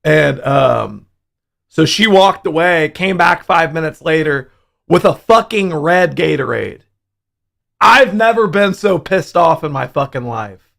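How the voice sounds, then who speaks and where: A young man hosting a casual livestream, telling a profane, animated story about his hangover. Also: on the high side, measured pace, vocal fry. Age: young adult. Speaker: livestream host.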